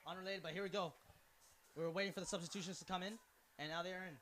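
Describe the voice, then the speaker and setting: High-pitched teen guy doing color commentary, rambles, yells on big plays, faint hiss behind. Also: racing. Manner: rambling and excitable, prone to tangents and sudden shouts. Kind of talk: student sports broadcast commentary.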